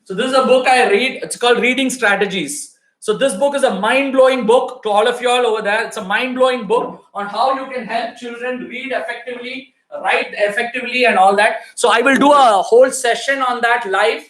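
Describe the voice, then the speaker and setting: A man's voice: extremely high pitch, fairly quick, fairly bright tone. Emphatic man coaching parents in an echoey room. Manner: emphatic, repeats key points, coaxing the audience. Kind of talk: live online talk answering viewer questions.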